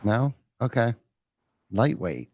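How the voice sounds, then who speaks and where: A man's voice: medium pitch, animated, slow, creaky, darkish tone. A man hosting a live podcast in a joking, casual way, full of bro-talk banter. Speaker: podcast host.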